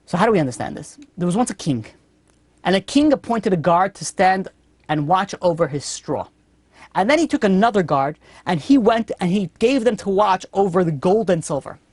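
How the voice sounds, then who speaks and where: A man, a rabbi, teaching a Torah lesson as an animated storyteller who acts out characters. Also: high-pitched, moderate pace, breathy edge, no room sound.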